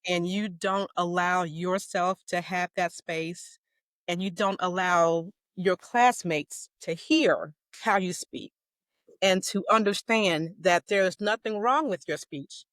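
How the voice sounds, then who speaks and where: A woman in her forties who stutters, telling her story as a guest in an interview with warm laughter and emphasis. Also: fairly low pitch, takes it slowly, dry recording. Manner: stutters with repeated sounds and words. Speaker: guest, educator.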